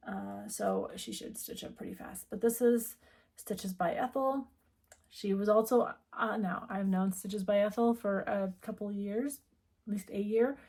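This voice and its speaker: A warm, medium-pitched voice belongs to a middle-aged needlework shop owner from the United States. Her casual chat is rambling and chatty, full of self-interruptions.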